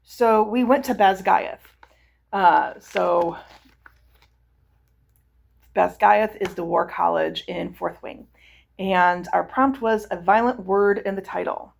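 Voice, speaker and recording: A woman's voice: mid-range voice, slow, creaky, pauses often. A young adult woman chatting enthusiastically about books she read, with lots of fillers. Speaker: book vlogger. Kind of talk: casual book review chat.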